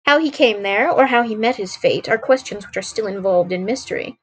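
A woman's voice: medium pitch, animated, a little fast, slightly rough. A woman streamer reading a classic mystery aloud, steadily and with occasional self-corrections. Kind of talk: story read-aloud.

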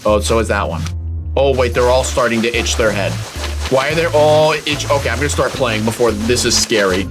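A young man giving excitable gameplay commentary, full of loud exclamations, yelps and slangy bro-talk. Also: mid-range voice, normal speed, pauses often, music in the background. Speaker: gaming YouTuber.

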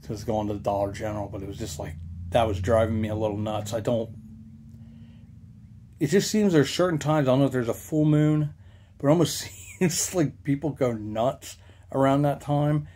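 A man's voice: mid-range voice, normal speed, mellow, a little hiss or hum. A young man, rambling casually with many fillers as a local history vlogger. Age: young adult.

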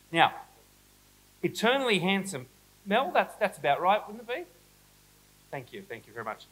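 A man's voice: high-pitched, huge pitch swings, fairly quick, long pauses, a bit bright, breathy edge, rough recording. A man with an Australian accent giving a humorous, chatty keynote talk to educators, teasing the audience and himself. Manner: playful, self-mocking, chatty with the audience. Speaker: keynote speaker at an educators conference. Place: school hall, live audience.

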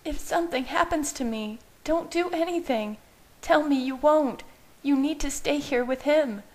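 A woman reader voicing a frightened young pregnant woman who pleads in a strained, high, tearful voice. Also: normal speed, a little mellow. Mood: desperate pleading.

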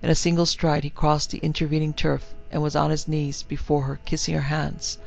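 A man narrating a scripted horror story in a measured, somber, literary manner. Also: fairly high pitch, level tone, creaky, soft background music.

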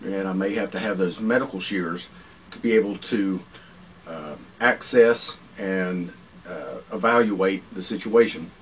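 Low-voiced man hosting a survival vlog. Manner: unhurried, practical, with frequent uh fillers and pauses. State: talking while chewing food. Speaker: survival channel host. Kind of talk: casual explanatory vlog talk. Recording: distant mic with faint background noise.

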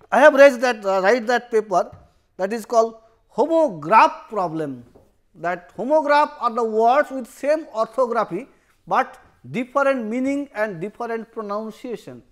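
A university lecturer who explains step by step, restarting often and repeating each term to make it stick. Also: high-pitched. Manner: explanatory, repeats and rephrases terms; halting, with frequent restarts.

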